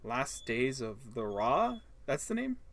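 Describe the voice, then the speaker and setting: A chatty, caring female best friend, as a man puts her on, teasing and warm-hearted. The voice is raised above his own. She is read aloud from a story game. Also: mid-range voice, big pitch swings, takes it slowly, full character voice.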